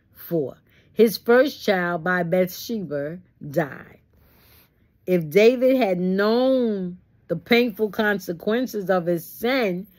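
A woman leading a Bible study, reading the text and breaking into folksy, preachy asides. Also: lowish voice. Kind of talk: conversational Bible study teaching.

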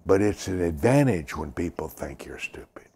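An older man preaching and praying, slow and emphatic, repeating lines and dropping to a whisper. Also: deep voice, very animated, a little mellow, slightly rough. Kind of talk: sermon with prayer.

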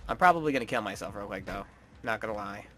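A man's voice: lowish voice, lively intonation, quick pace, sharp tone, faint music behind. A man commenting on his gameplay, joking and trash-talking the game's characters. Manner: taunting, joking, mock-tough trash talk. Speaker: gaming streamer.

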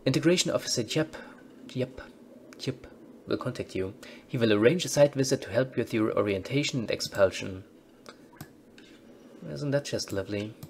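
A man's voice: mid-range voice, expressive, normal speed, a little mellow, slight background noise. A man casually commentating on a game he plays, reading its text aloud and adding dry, wry asides. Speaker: let's-play host.

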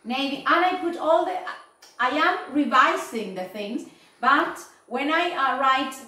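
Woman, English teacher, slow careful feedback, frequent "okay?" checks, roomy echo. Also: high voice, animated, sharp tone, recorded from a distance. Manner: slow, repeating "yes?" and "okay?" to check understanding. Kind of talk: online class feedback.

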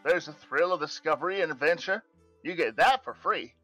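A man's voice: a little high, a little fast, pushed and bright, muffled recording, soft background music. A man voicing a cheerful, earnest adventuring band recruiter, breaking into giggles, as improvised game character voicing. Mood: upbeat.

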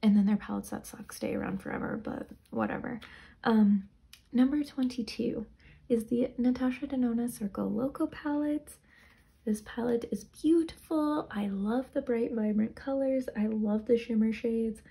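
A woman's voice: on the high side, moderate pace, gravelly, dark tone. A young woman casually reviewing products, chatty and rambling, sounding tired. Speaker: beauty vlogger.

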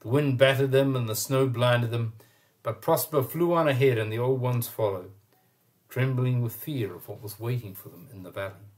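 A man reading a children's storybook aloud at a middling pitch, expressive in his telling. He stops now and then to point out what the pictures show. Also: moderate pace.

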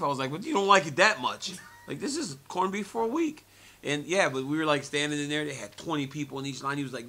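Bright, animated man telling stories. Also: a little high, fairly quick. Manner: animated storyteller, laughs often, repeats phrases. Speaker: interviewee, former fighter and commentator. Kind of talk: media scrum interview.

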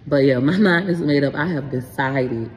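Low-voiced, frank woman vlogging. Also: normal speed, in a large hall. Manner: frank, animated, swears casually. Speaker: content creator and parent. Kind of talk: casual vlog explaining homework help.

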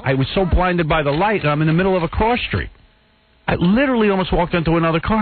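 A fast-talking male radio host, over soft background music, tells an exasperated story in a casual talk-show chat. He acts out what people said in a higher voice, and the sound is narrow and phone-like.

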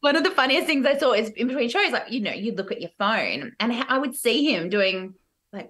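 Australian actress telling lively stories. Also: female voice, a little high, fairly quick. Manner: animated storytelling with laughs. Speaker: guest, musical theatre actress. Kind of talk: casual podcast chat.

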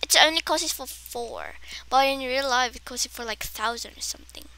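A woman giving excitable, dramatic commentary while playing a game, with playful exaggeration and frequent gasps. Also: sits high, moderate pace, clean tone. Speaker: gameplay streamer. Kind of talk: casual gameplay commentary.

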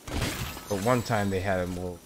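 A man's voice: low-pitched, steady tone, moderate pace, noisy background. A man chatting casually with friends while streaming a game, laid-back and trash-talking between rounds. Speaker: gaming streamer. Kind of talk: casual gameplay chat with friends.

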